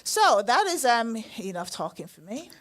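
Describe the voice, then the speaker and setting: A woman's voice: fairly high pitch, big pitch swings, a little slow. Bubbly chatty woman host. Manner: bubbly, chatty, laughs often. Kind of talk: casual live-stream chat. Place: indoor studio.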